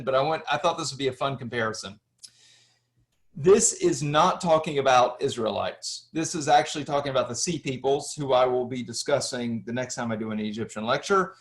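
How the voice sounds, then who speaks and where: A man giving a history lecture, walking through slides and asking and answering his own questions, with frequent restarts. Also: mid-range voice.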